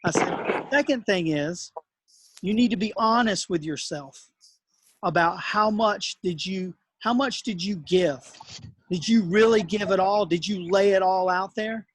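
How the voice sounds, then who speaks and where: A middle-aged man, a tennis coach and host, telling a personal story in a relaxed, earnest way and acting out the dialogue. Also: sits high, measured pace, breathy edge, no echo.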